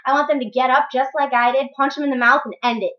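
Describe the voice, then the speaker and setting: A young woman in her twenties, a vlogger, rants bluntly in a monologue at home while her child is nearby, swearing and repeating words for emphasis. Her voice sits high and fairly even, and she talks fast. The room recording sounds muffled and echoey.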